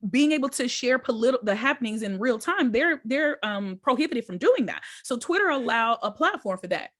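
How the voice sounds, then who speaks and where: A woman's voice: on the high side, lively intonation, brisk, a bit bright, no echo. A woman co-hosting a podcast in casual chat, laughing easily and explaining with context. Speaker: podcast co-host.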